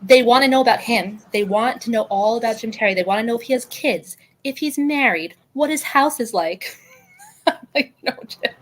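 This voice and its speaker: A woman co-hosting a casual livestream chat in a rapid, mocking way. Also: a little high, rough recording.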